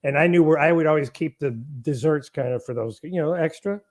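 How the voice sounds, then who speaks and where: A man's voice: on the high side, a little fast, a little mellow. A middle-aged man being interviewed in a casual conversation, rambling and breaking off his own sentences as he speaks bluntly. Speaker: guest.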